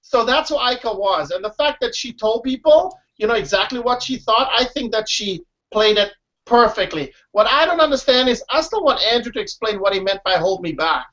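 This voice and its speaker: A man who once competed on a reality show is a guest in a casual interview, speaking emphatically and repeatedly saying "listen" and "you know what I mean." His voice is very high, expressive, brisk, and a bit bright. The recording sounds dull and lo-fi.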